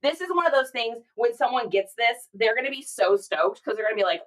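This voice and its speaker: A woman's voice: a little high, lively intonation, brisk, few pauses, poor audio. A woman chatting casually on a livestream while packing orders, reading viewer comments aloud and laughing often. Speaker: reseller streaming live.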